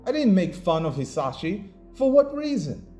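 A man with a slightly high, mellow voice tears into his critics in an angry commentary rant. He is combative and mocking, with faint music playing underneath. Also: big pitch swings, moderate pace. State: pissed off. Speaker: independent comic creator and commentator.

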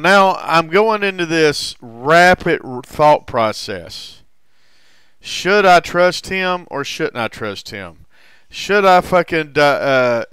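A man in recovery telling a personal story in a halting way, with frequent restarts and heavy swearing. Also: a little high, fairly bright tone, clean tone, dry recording. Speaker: recovering alcoholic sharing his story.

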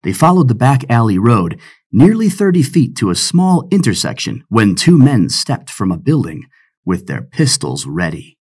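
A man narrating an adventure audiobook with expressive storytelling. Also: lowish voice.

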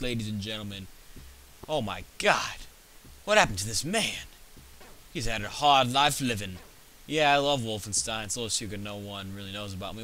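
A man's voice: mid-range voice, expressive, normal speed. A teenage boy hosting his own gaming video, joking and rambling through stories as he plays. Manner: goofy, joking, rambling storyteller. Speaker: gaming channel host. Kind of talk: gameplay commentary. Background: game music.

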